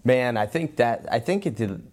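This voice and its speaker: A man, a former pro football player, telling relaxed, rambling stories as an interview guest, with frequent restarts. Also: medium pitch, normal speed. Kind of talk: casual interview storytelling.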